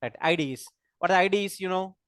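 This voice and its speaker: A man's voice: high voice, brisk, a bit bright, clean tone, no echo, clean studio sound. A man with an Indian English accent teaching a live programming class, quizzing students and repeating key terms. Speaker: programming instructor.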